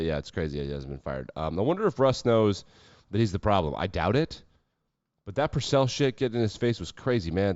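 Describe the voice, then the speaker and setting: A man with a very low voice runs through the week's football in a loose, sarcastic way, dropping profanity and quick jokes. The sound is dry and a little dull, like a home podcast mic. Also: darkish tone, no echo. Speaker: podcast host. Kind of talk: casual sports commentary.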